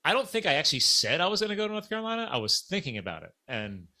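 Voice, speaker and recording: A man's voice: high voice, racing. A middle-aged man hosting a podcast, telling a story in casual chat and acting out the quoted dialogue. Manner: animated, acts out quoted dialogue. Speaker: podcast host.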